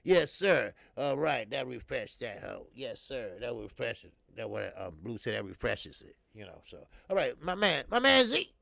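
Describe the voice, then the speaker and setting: A middle-aged boxing livestream host speaks in a low, creaky, animated voice at normal speed, barely pausing. The audio is clean studio sound with no room noise. He's loose and chatty, greeting viewers by name with plenty of fillers.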